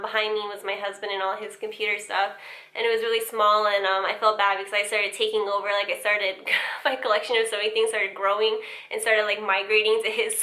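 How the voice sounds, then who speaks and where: A woman's voice: mid-range voice, bright, forceful tone. A young woman vlogging casually about her sewing space, chatty and full of fillers like um and like. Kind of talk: casual vlog chat. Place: home and empty basement, indoors. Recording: echoey room.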